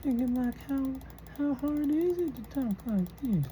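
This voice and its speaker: A woman voicing a croaky elderly person with a throaty, slow, drawn-out way of talking. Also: high-pitched, expressive, dark tone, slight background noise, voice pushed up, rough recording. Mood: drawling. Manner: drawn-out, slowed speech.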